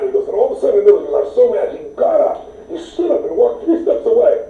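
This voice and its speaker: A man's voice: extremely high pitch, very animated, fast talker, hardly any pauses. A man from the United States, an interview guest telling stories in an enthusiastic, emphatic way. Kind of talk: animated storytelling. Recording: tinny, echoey, distant sound.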